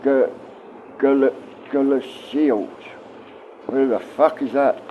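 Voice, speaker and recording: A man's voice: medium pitch, steady tone, takes it slowly, mellow, a little hiss or hum. A middle-aged man livestreaming, rambling and swearing casually as he answers his viewers.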